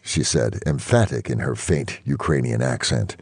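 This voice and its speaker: A man reading a novel aloud in first-person narration, measured and even. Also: a bass voice, gravelly, breathy edge, dry recording. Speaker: audiobook reader.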